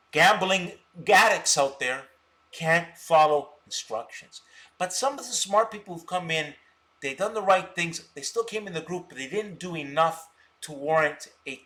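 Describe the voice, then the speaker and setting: A man rants on a stock trading live stream in a high, bright voice. He boasts and mocks his viewers scornfully, breaking into loud laughter. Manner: scornful, boastful, mocking insults; bursts of loud laughter and shouting. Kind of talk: ranting live stream talk.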